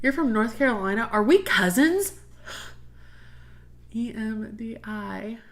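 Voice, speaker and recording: A woman's voice: fairly high pitch, expressive, slow pace. A young woman hosting a casual livestream, chatting with viewers in a rambling way full of fillers. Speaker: livestream host.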